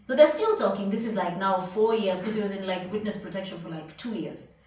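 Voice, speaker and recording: A woman's voice: medium pitch, fairly quick, a little mellow. A woman hosting a podcast, telling a long story in a casual, chatty way with quoted dialogue. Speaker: podcast host. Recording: echoey room, mic at a distance.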